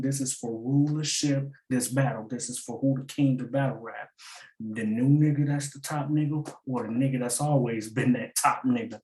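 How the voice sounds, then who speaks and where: Male host, casual lyric-breakdown commentary, mellow tone, echoey room. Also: medium pitch. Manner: explains by repeating lines and asking "get it?"; loose and slangy, laughs at his own points. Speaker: battle rap breakdown host.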